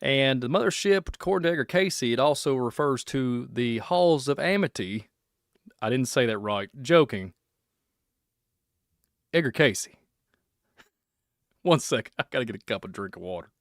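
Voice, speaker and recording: Here the Kentucky-born podcast host, Kentucky accent intact, speaks expressively at normal speed from a mid-range voice. The recording is dry and studio-clean, and his casual livestream talk wanders between speculation and jokes.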